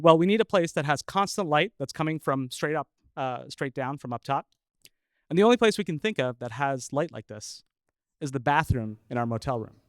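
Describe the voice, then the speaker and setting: Chuckling man telling a story, smooth voice. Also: fairly high pitch, no room sound. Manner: chuckling, with frequent filler uhs. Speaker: storyteller, scientist. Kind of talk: live personal storytelling.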